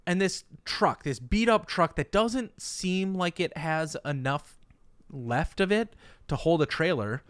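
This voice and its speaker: A man's voice: fairly high pitch, expressive, a little slow, fairly bright tone, smooth, no echo. A man co-hosting a casual comedic podcast, telling stories with animation and stammering restarts. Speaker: podcast co-host.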